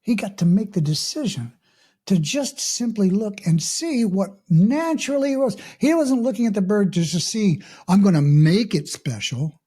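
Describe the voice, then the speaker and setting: A middle-aged man, a mindfulness coach hosting a podcast, telling a story in a calm, unhurried way and often clearing his throat. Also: sits high. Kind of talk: reflective podcast monologue with a story.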